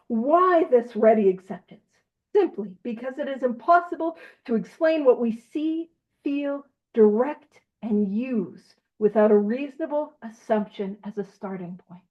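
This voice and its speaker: A woman with a high voice leads a book study, reading aloud and explaining it in a loose, chatty way. She laughs often and pokes fun at herself. The recording is dull and lo-fi. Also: animated, unhurried. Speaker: study group leader. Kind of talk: casual teaching and reading aloud.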